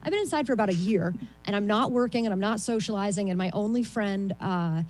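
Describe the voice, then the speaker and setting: A woman doing a rambling, self-deprecating stand-up set over a video call, with a voice she calls shrill and lots of ums. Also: fast, a little mellow, low-quality recording. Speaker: stand-up comedian.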